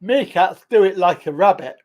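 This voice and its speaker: A man's voice: high-pitched, lively intonation, moderate pace, darkish tone. A man hosting a livestream chat, teasing his guest with cheeky jokes and laughing at them. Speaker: livestream host. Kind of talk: casual banter.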